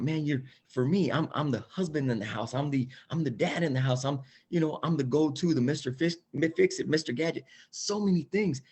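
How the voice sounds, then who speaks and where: A man giving an energetic, emphatic motivational talk as a guest, repeating phrases for effect. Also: medium pitch, slightly rough. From Mexican heritage.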